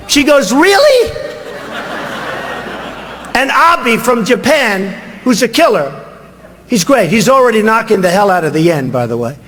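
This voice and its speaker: A man's voice: extremely high pitch, fairly bright tone. Older man giving a boastful rally speech. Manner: boastful, rambling, repetitive. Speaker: political candidate. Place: large rally venue. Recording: reverberant hall, long echo.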